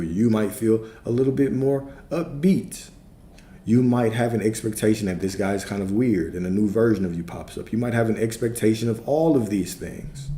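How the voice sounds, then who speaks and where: Low-voiced man coaching a livestream chat. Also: dark tone. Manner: repetitive, checks in with frequent "right?"; laid-back, conversational. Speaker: spiritual coach and streamer. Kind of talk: livestream teaching, answering chat. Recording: roomy sound with faint background noise.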